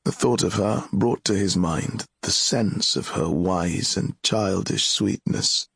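A man narrating a fantasy audiobook in a measured, solemn storytelling manner. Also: low voice, vocal fry, a bit bright, slightly rough, dry recording, studio quality.

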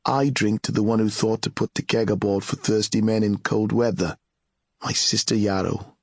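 A man voicing a loyal, warm-hearted young male wizard friend in an audiobook, speaking in a steady, friendly manner. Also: lowish voice, moderate pace, slightly rough, dry recording, studio quality. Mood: cheerful. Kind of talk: audiobook character reading.

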